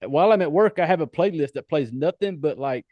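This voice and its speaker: A man's voice: fairly high pitch, expressive, brisk, dry recording, highs cut off. A man with a Southern US accent hosting a podcast interview, chatty, laughing often and swearing freely. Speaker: podcast host. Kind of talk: casual interview chat.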